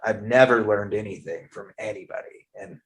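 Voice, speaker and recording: A man's voice: fairly low pitch, fairly even intonation, normal speed. A man in his thirties from Eastern Oregon, hosting a casual interview and telling stories bluntly with lots of swearing. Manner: blunt, heavy swearing, storytelling. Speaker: podcast host.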